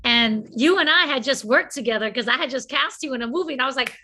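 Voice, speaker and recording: Woman, fairly high, bright tense voice, lively storyteller, video call chat. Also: fast. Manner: animated storyteller acting out quotes. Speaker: actor and filmmaker. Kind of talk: casual online conversation.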